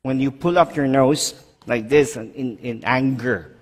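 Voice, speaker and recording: A man's voice: medium pitch, a little slow, big-room sound. A man preaching a sermon as pastor, emphatic, swinging his voice up and down for stress and putting questions to his congregation.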